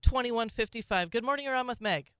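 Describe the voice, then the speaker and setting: A woman's voice: on the high side, brisk, a bit bright, clear, resonant tone, dry recording, studio quality. A woman hosting a call-in talk radio show, speaking conversationally with frequent restarts and asides.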